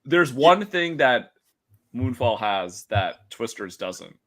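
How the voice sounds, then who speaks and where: A man's voice: medium pitch, big pitch swings, slow pace, a bit bright. A man co-hosting a casual movie podcast, making dry jokes. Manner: dry, joking. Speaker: podcast co-host.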